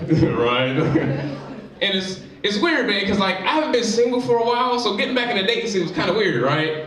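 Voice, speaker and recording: A man doing stand-up on a live stage, his fairly high voice bouncing up and down as he chats loosely with the room. He sounds a bit far from the mic in an echoey hall, with a crowd clearly audible. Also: big pitch swings, moderate pace. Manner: loose, chatty delivery full of "you know what I'm saying". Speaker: stand-up comedian. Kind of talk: stand-up comedy set. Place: live comedy venue with audience.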